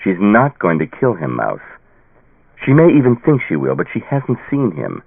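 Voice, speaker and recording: A man's voice: lowish voice, huge pitch swings, moderate pace, vocal fry, breathy edge, no echo, heavily acted. A man voicing a tired, patient father pleading with his daughter in an audiobook. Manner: pleading, patient, sometimes stern. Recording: tinny phone-like dry sound.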